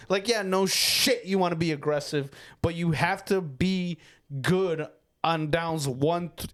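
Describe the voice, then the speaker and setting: Fired-up man ranting about football. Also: on the high side. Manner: fired-up, ranting, swears freely. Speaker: sports podcast co-host. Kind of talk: heated casual sports talk.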